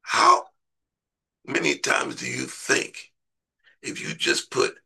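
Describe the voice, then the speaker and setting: A man's voice: mid-range voice, big pitch swings, slow pace, creaky, bright, forceful tone, slightly rough. A man preaching a sermon in a conversational way, repeating words and putting questions to his listeners.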